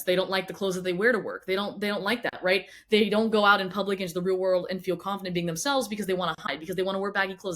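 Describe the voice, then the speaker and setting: A woman fitness coach talks fast in a blunt motivational monologue, swearing freely and stumbling over repeated words. She fires question after question straight at the listener in a mid-pitched voice.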